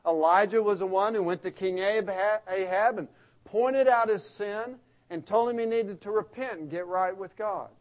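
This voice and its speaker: A man's voice: sits high, normal speed. A man preaching a sermon as pastor, emphatic and conversational, with frequent restarts.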